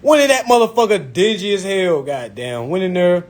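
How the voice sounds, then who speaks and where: A young man telling a profane, animated story in a casual vlog, full of "you know what I'm saying". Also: high voice, moderate pace. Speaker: vlogger giving consumer-credit advice.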